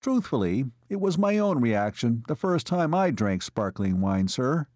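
A man reading an audiobook, voicing a calm, even-tempered army captain who speaks mildly and courteously. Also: medium pitch, a little slow, dry recording, studio quality.

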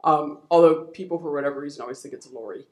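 A woman moderating a conference panel, relaxed and conversational as she prompts her guests with questions. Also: deep voice, fast. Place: symposium lecture hall. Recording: echoey conference hall on a mic.

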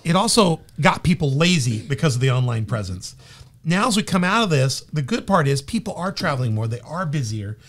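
A man's voice: on the high side, fairly quick. A middle-aged male pastor hosting a casual interview, telling stories animatedly and acting out quotes. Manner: animated storyteller, acts out quotes. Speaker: pastor and podcast host.

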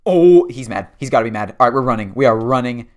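A man's voice: mid-range voice, expressive, fast. Joking young man narrating his game.

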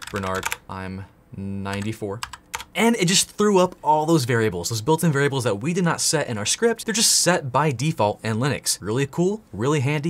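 A tech course host runs an energetic screen-share tutorial, playful and jokey, addressing the viewer directly as he types. His voice is mid-range, with a little hiss or hum in the audio.

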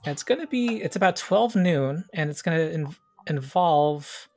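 A game master running a tabletop game over a video call, relaxed and quick to laugh. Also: medium pitch.

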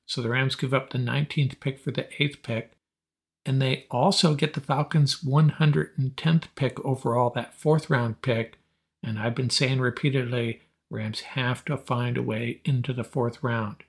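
A man's voice: mid-range voice, steady tone, normal speed, vocal fry. A man hosting a solo sports podcast, giving emphatic, opinionated draft analysis. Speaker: podcast host.

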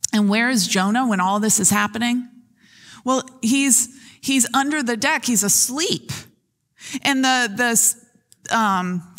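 A woman pastor giving a sermon, retelling scripture in a lively storytelling manner. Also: fairly high pitch, big-room sound. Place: church sanctuary.

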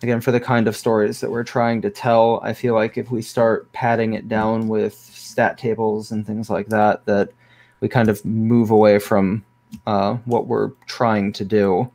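A man guesting on an interview over a video call, explaining his game in a relaxed, easygoing way. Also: lowish voice, unhurried. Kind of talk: casual interview chat.

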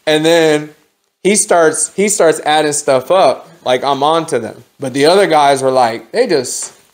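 A man giving a testimony sermon at a home fellowship, telling his story in an animated, slangy way and acting out the dialogue. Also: fairly high pitch, measured pace. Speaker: lay preacher.

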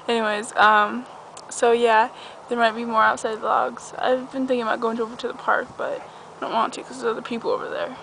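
A woman's voice: on the high side, level tone, normal speed, creaky, pushed and bright. A young woman chatting casually in a vlog from a backyard trampoline, rambling and giggly, with a dog barking nearby. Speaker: vlogger. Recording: noisy outdoor camcorder audio. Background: outdoor ambience with a dog barking.

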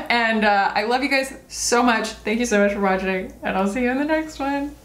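A woman's voice: on the high side, moderate pace, a bit bright. A woman in her thirties chatting casually about her monthly favorites as a beauty vlogger, rambling and self-deprecating. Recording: roomy echo.

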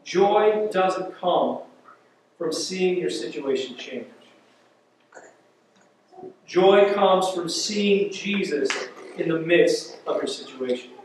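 Animated high-voiced pastor in an echoey church. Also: male voice, takes it slowly, pauses often, slight background noise. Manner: animated, acts out quotes, conversational asides. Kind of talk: sermon. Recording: echoey church hall from far off.

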